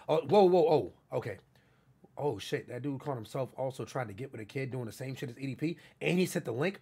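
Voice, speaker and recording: A man's voice: medium pitch, animated, brisk, vocal fry, mellow, husky. A young man hosting a livestream, chatting casually with viewers in a hyped, profane way and repeating his catchphrases. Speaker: livestream host.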